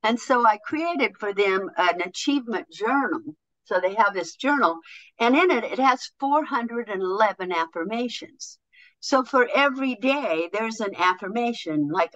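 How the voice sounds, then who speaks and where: A woman guest on a podcast, a motivational speaker and author, telling stories in an animated way and acting out quoted voices. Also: on the high side, moderate pace, highs cut off. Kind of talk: conversational podcast interview.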